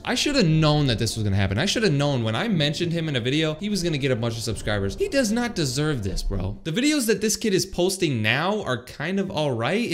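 Guy reacting to videos, kinda high voice, bounces up and down a lot, keeps going "what the heck". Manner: incredulous, animated, talks to viewers. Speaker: YouTube commentator. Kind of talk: casual reaction commentary.

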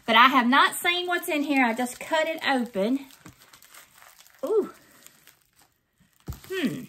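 A woman's voice: high-pitched, lively intonation, takes it slowly, sharp tone. An older woman, chatting effusively to her viewers while opening mail in a casual vlog. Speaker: craft vlogger.

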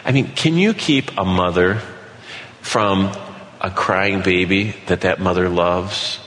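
A man preaching an earnest sermon, slowing down to read scripture aloud. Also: low voice, a bit bright. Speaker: pastor. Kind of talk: sermon teaching. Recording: echoey hall with light background noise.

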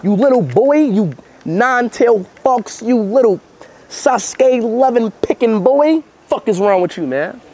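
A young American man with a sore throat, vlogging casually on city streets and talking in loud, excitable bursts. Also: very high voice, a little slow. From United States. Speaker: livestreamer vlogger. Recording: noisy street background.

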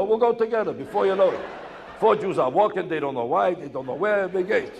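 Insistent stand-up comedian in a hall. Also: male voice, high-pitched, animated, vocal fry, background noise. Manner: rapid, insistent, rhetorical questions and repetition. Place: stage in a hall before a live audience. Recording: echoey hall, live show.

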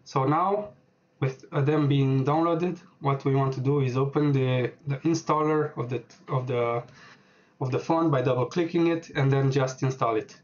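A man walking through a software setup on screen, speaking hesitantly with many filler words as he types. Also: mid-range voice, steady tone, moderate pace, highs cut off. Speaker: programming tutorial host. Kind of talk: screen-recorded software tutorial.

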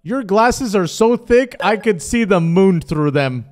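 A woman's voice: mid-range voice, expressive, unhurried, darkish tone, soft background music, natural voice. A fashion-proud woman neighbor from a video game, voiced by a speech synthesizer, full of teasing comebacks. She talks in a showy, sassy way and holds her guests at arm's length.

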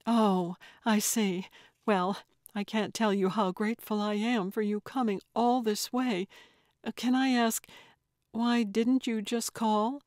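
A woman's voice: fairly high pitch, steady tone, slow pace, darkish tone, dry recording, clean studio sound, voice pushed up. A woman voicing an emotional adult daughter coming home, speaking breathlessly. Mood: grateful.

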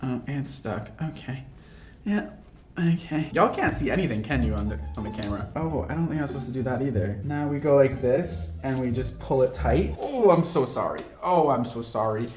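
A man's voice: medium pitch, a little fast, darkish tone. A man who works as a hairstylist, chatting casually and joking at his own expense while he works. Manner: chatty, self-mocking, exclaiming. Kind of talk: casual vlog chat. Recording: roomy echo, faint music.

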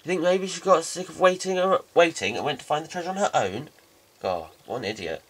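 A man giving jokey, excitable let's play commentary. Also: fairly high pitch, fairly quick, husky. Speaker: game commentator.

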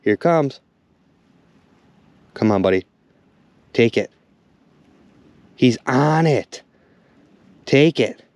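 Excitable man fishing outdoors. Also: mid-range voice, drawn-out words, long pauses, no echo. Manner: excitable, exclaims often, talks to viewers. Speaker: fishing vlogger. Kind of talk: excited outdoor vlog narration. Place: outdoors on a frozen lake. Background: wind and outdoor ambience.

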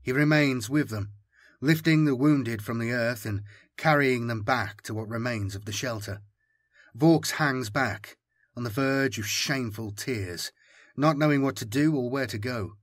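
Brief: male narrator, grave and measured, slightly raspy, dry close-miked read. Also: mid-range voice, fairly bright tone, no room sound. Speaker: audiobook narrator. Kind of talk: scripted audiobook narration.

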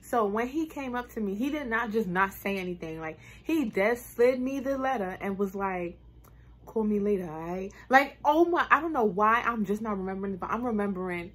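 Chatty young woman with a husky voice. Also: mid-range voice, animated, fairly quick, hardly any pauses. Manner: chatty, slangy, laughing asides to viewers. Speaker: vlogger telling a story. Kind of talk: casual storytime monologue.

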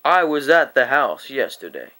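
A man's voice: medium pitch, big pitch swings, moderate pace, pushed and bright. A man voicing a stern father who firmly accuses a boy. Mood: accusing. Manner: accusing, firm. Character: stern middle-aged father confronting a boy.

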